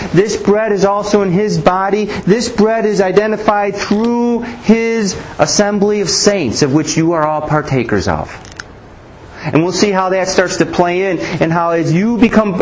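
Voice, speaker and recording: High-voiced male preacher teaching scripture. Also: slight background noise, poor audio. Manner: rhetorical questions, frequent restarts. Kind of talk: Bible teaching sermon.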